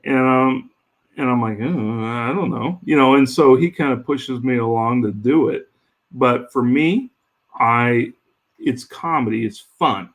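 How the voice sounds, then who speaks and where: A man who is a guest on a podcast, telling stories in a jokey, rambling, animated way. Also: mid-range voice, unhurried. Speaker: podcast guest, home cook. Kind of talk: casual storytelling chat.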